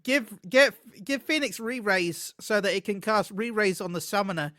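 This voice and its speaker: Bright, high-voiced excitable man. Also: moderate pace, no room sound, clean studio sound. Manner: excitable, laughing, stumbles over words. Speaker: podcast co-host. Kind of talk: casual gaming chat.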